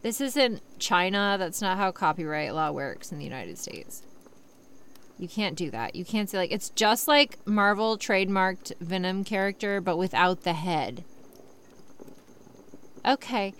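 A woman's voice: mid-range voice, animated, a little slow, smooth. A young woman reading a story aloud and breaking off into sarcastic, swearing rants about it. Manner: sarcastic, swears freely, rants loudly in bursts. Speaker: online reader and commentator.

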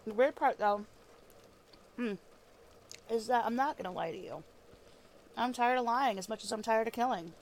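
A woman's voice: on the high side, moderate pace, pauses often, a little hiss or hum, lightly acted. A woman acting as a weary, foul-mouthed female ex-killer trying to live in peace, talking casually with lots of fillers and restarts, sometimes with her mouth full, in an audio role-play drama. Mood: confessional. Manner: chewing food while talking.

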